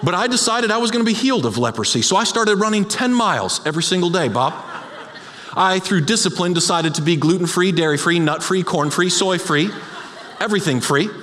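A man's voice: high voice, animated, a little fast, a bit bright. A man playing a boastful man who credits his own discipline for his healing, in a smug, salesman-like manner. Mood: smug bragging. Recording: long hall reverb.

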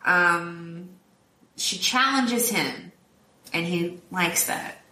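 A woman's voice: on the low side, extremely slow, pushed and bright, reverberant, distant mic. A woman co-hosting a podcast, recapping a film in casual chat, laughing often and acting out characters' lines. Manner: chatty, laughs often, quotes characters in voices. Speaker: podcast co-host.

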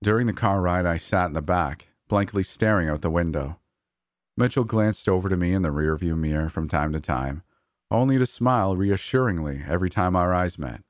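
A man with a very deep voice narrates a scripted first-person horror story. His telling is measured and steady. The recording is dry, with no room sound. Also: no room sound.

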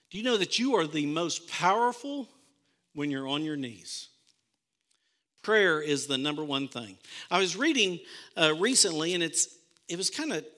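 Bright-voiced male pastor preaching. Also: high-pitched. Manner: conversational preaching, animated storytelling. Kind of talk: sermon.

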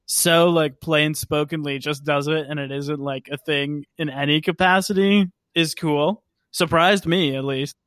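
A man's voice: fairly high pitch, steady tone, measured pace, hardly any pauses, a bit bright, no room sound, studio quality. A man co-hosting a casual movie review chat, talking in a wry, chatty way full of "like" fillers. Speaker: podcast co-host.

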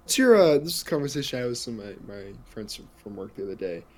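A man's voice: mid-range voice, sing-song, racing, darkish tone. Rambling young man on a podcast. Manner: rambling, hesitant with fillers. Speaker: podcast co-host. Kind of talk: casual chat.

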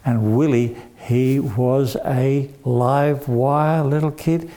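An older man telling a dramatic story to children, animated and acting out the voices. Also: mid-range voice, takes it slowly. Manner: animated, acts out voices with shouts.

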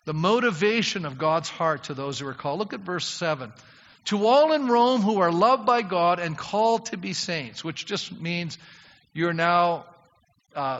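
Male pastor, sermon delivery, bright forceful tone, chatty with the congregation, then emphatic; reverberant sanctuary. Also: on the high side. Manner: emphatic, rising to loud appeals; conversational, addresses congregation directly. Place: church sanctuary. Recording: long hall reverb, dull lo-fi sound.

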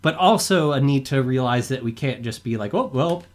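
A young adult man, a podcast guest, talking in a rambling, animated way full of filler words. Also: medium pitch, fairly quick. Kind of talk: casual discussion.

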